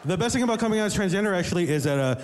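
A woman performing a deadpan, self-deprecating stand-up set on a comedy stage, speaking into a handheld mic before a live audience. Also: medium pitch, racing. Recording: live club with crowd and noise.

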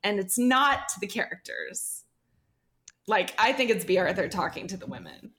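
A woman's voice: mid-range voice, sing-song, normal speed, fairly bright tone. A woman co-hosting a podcast in casual chat, gushing and emotional, laughing often. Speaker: podcast co-host.

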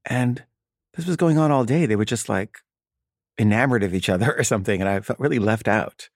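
A man's voice: on the low side, brisk, gravelly, dry recording, clean studio sound. A man casually telling a personal story, wry and loose, with frequent filler words.

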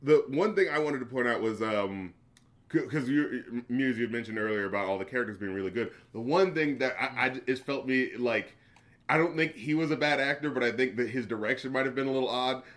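Bright-voiced man in animated film chat. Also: medium pitch, a little fast. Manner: animated, laughs often, lots of "like". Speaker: podcast co-host. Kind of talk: casual film review chat.

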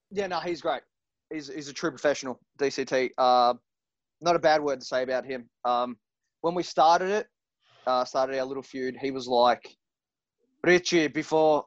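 A professional wrestler, appearing as a guest, tells stories in a relaxed interview, his voice sitting on the high side. He curses freely and acts out other people's lines. The recording is dry, dull and lo-fi.

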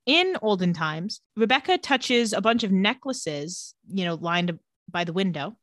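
A woman co-hosting a casual chat, retelling a TV episode with quick put-on character voices and frequent laughs. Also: mid-range voice, expressive, fairly bright tone, dry recording. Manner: storytelling recap, quick mock voices for characters, laughs often. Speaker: podcast co-host recapping a TV episode.

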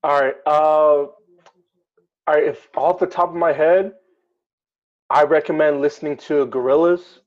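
A man's voice: a little high, fairly even intonation, unhurried, pauses often, dull audio. A man co-hosting a casual chat, talking hesitantly with many ums and uhs. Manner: hesitant, many fillers while reading lists. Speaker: podcast co-host.

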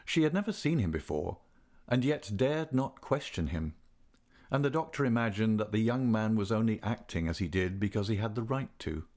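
A man reads a classic novel aloud at an even, measured pace. His voice sits somewhat low, and the telling stays steady throughout. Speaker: audiobook narrator.

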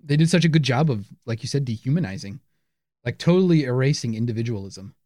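A man's voice: medium pitch, lively intonation, quick pace, mellow, no room sound. Man chatting casually, dry sound. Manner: jokey, hesitant with fillers. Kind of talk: casual chat.

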